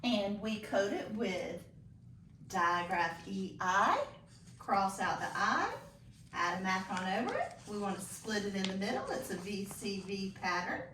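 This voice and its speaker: A woman teaching a phonics lesson to children, slow and encouraging with sing-song praise. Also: medium pitch, lively intonation, bright, forceful tone, slight background noise. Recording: echoey room, voice from a distance.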